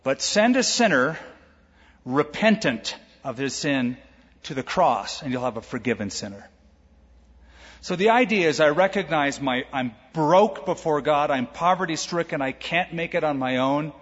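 A man pastor preaching a sermon, lively, acting out quoted voices with humor. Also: on the high side, normal speed, breathy edge. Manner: animated, acts out quoted voices with jokes. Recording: echoey hall, dull lo-fi sound.

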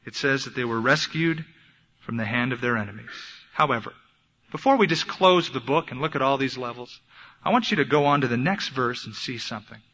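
A man's voice: medium pitch, fairly quick, sharp tone. A young adult man preaching a sermon in an earnest, emphatic, storytelling way, in an echoey hall on a dull lo-fi recording. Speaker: pastor.

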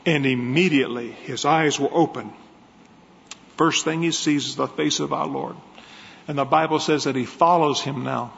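A man's voice: on the high side, fairly even intonation, moderate pace, gravelly, a bit bright. A man preaching a sermon, telling a story with great passion. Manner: impassioned storytelling. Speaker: evangelist preacher. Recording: dull echoey sound in a large hall.

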